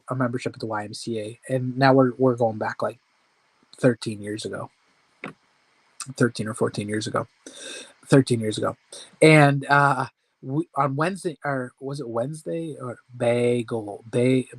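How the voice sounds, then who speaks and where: A man's voice: medium pitch, fairly bright tone, breathy edge, dry recording. A man hosting a casual weight-loss support chat from home, talking in a rambling, self-deprecating way with laughs.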